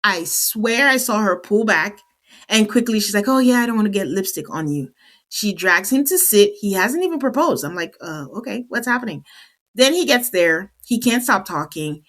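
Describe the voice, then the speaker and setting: A woman's voice: medium pitch, normal speed. A woman hosting a casual reality TV recap, telling the story in a chatty way and acting out what the people on the show said. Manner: animated storytelling, acting out the cast's lines.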